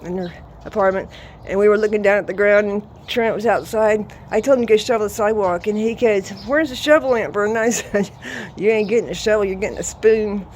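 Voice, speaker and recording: A woman's voice: mid-range voice, fairly even intonation, brisk, darkish tone, slight background noise. A woman in her sixties telling a funny family story outdoors in a salty, boisterous, laughing way. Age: 60s. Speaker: vlogger. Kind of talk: casual storytelling. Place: outdoors at her home yard.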